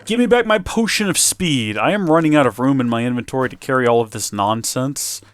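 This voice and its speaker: A man's voice: mid-range voice, animated, brisk, dry recording. A man hosting a casual gameplay video, talking in a rambling, self-deprecating and flustered way. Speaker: let's play host.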